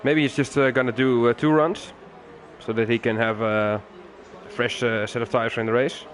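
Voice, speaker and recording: A young man co-commentating a race in a relaxed, playful way, guessing aloud about what drivers will do. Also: mid-range voice, normal speed, slight background noise. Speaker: sim racing co-commentator. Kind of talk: casual live race commentary.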